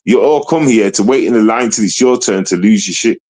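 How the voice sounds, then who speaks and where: A man's voice: brisk, darkish tone, rough recording. A man talking to his live stream in a rambling, profane monologue, confrontational, often asking if listeners understand. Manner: repetitive, profane, keeps asking "you understand?"; confrontational, swings between low mutter and raised voice. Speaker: livestreamer.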